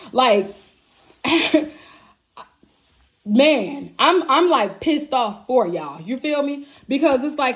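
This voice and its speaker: A woman giving a channeled tarot reading, blunt and profane. She talks straight to her viewers as "y'all" with plenty of emphasis. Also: a little high. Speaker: tarot reader.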